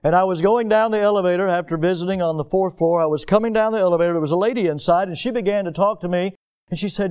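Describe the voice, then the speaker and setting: High-voiced Southern pastor preaching. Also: male voice, fast talker, smooth. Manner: earnest preaching, swinging between emphatic peaks and hushed low passages; folksy storytelling with chuckles. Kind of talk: sermon.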